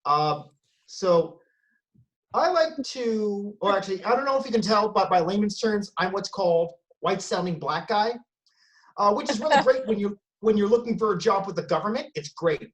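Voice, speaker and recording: A man's voice: sits high, lively intonation, normal speed, slight background noise. A man performing a stand-up comedy set from home over a video call. His delivery is profane and punchy, with self-corrections and sudden emphasis.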